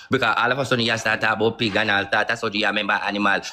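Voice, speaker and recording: A man's voice: fairly low pitch, little pitch movement, rapid-fire, hardly any pauses, noisy background. A man with a Jamaican Patois accent talking heatedly on a live stream, repeating himself and quoting others in raised voices. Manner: heated, repetitive street talk with acted quotes.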